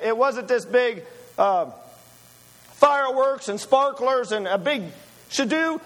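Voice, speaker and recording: A man's voice: very high voice, a bit bright. A man preaching a sermon, emphatic and full of rhetorical questions to his listeners.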